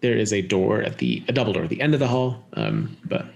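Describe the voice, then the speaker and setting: A man running a tabletop game as game master, relaxed and chatty as he describes the scene. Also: lowish voice, brisk, vocal fry, muffled recording.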